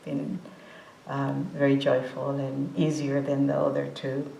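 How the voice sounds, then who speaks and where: Low-voiced woman teacher, slow and halting. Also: flat delivery, creaky, mellow, a little hiss or hum. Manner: halting, many fillers and restarts, laughs often. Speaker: meditation teacher. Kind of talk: informal dharma talk. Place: meditation hall. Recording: roomy hall sound.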